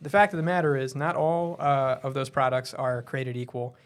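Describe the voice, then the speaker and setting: A man's voice: medium pitch, steady tone, normal speed, clean tone. A man hosting a casual live show, chatty and teasing, often laughing. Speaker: host.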